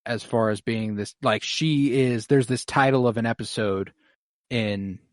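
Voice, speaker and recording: A man's voice: medium pitch, unhurried, dry recording. Male podcast co-host, keen fan energy, dry close sound. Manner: enthusiastic, gushing. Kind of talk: casual fan chat.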